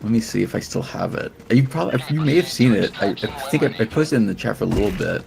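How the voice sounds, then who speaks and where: A streamer in his late twenties chats casually, rambling, swearing and laughing as he goes, with music in the background. His voice is fairly low, animated and quick, with vocal fry.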